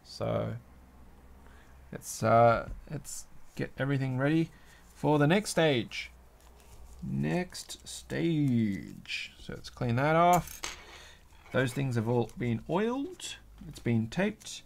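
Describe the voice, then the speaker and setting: A man's voice: mid-range voice, lively intonation, slow pace, vocal fry. A man with an Australian accent chatting casually on a livestream while he works on a craft project, rambling and musing aloud. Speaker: livestream host.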